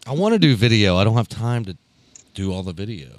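A man's voice: fairly low pitch, very animated, fast talker. Teasing man hosting a casual chat. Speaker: podcast host. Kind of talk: casual chat, interviewing a guest.

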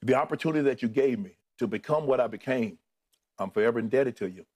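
A man's voice: medium pitch, quick pace, a little mellow. Emotional middle-aged man fighting back tears. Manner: heartfelt, thanking colleagues one by one. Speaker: co-host saying farewell. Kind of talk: emotional on-air farewell speech.

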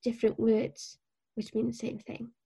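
Husky-voiced woman teaching patiently. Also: fairly high pitch, monotone, mellow. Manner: patient, encouraging, models pronunciation slowly. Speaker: Welsh language teacher. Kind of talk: casual language lesson.

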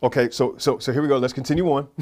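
A man's voice: mid-range voice, a little mellow. A man preaching a livestreamed sermon, reading scripture aloud and breaking into exuberant whoops and laughter. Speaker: pastor.

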